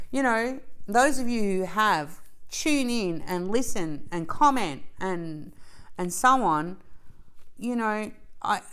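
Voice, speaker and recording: Slow-talking chatty woman vlogger, clear voice. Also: mid-range voice. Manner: chatty, effusive, breaks into excited squeals. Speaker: diamond painting vlogger. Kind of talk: casual chat to camera while crafting.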